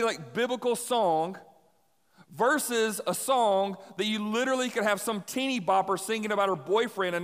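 A young adult man preaching a sermon in a casual, energetic way, repeating key lines for emphasis. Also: sits high. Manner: energetic, conversational, emphatic repetition. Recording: long hall reverb.

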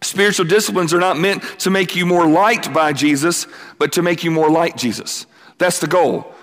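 A man giving a youth camp sermon, energetic and quick, acting out quotes and calling on the crowd to answer back. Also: on the high side. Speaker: camp speaker. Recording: long hall reverb.

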